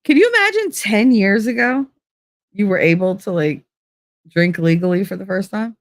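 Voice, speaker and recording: A woman's voice: mid-range voice, expressive, normal speed, no room sound, clean studio sound. Giggly, rambling woman streamer. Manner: rambling, giggly, swears freely. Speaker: live streamer. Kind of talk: casual chat stream.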